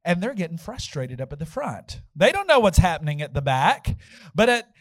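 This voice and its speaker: Male pastor, high expressive voice, dry sound, storytelling sermon. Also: moderate pace, no room sound, low-quality recording. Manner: animated storyteller, acting out quotes with shouts.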